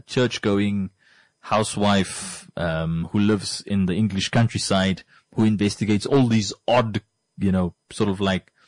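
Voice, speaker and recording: A man's voice: on the low side, dry recording. Emphatic man, dry sound. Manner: rambling, emphatic, repeats points for effect. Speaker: podcast host. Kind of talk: casual monologue.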